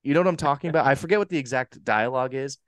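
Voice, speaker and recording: A young man co-hosting a casual movie review podcast, animated and swearing freely as he acts out lines. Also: medium pitch, rapid-fire, dry recording, studio quality. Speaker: podcast co-host. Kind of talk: casual chat.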